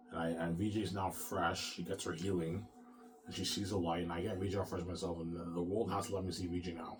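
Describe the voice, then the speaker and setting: Low-voiced guy ranting on and on, keeps repeating words, swears a lot, slight hiss behind. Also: flat delivery, fast talker. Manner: repetitive, profane, stammering restarts. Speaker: vlogger. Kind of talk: rambling personal monologue.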